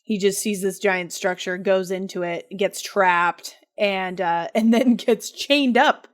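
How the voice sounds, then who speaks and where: A woman's voice: medium pitch, slow. A woman co-hosting a podcast, loosely recapping a story in casual chat, giggling often and leaning on fillers. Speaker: podcast co-host.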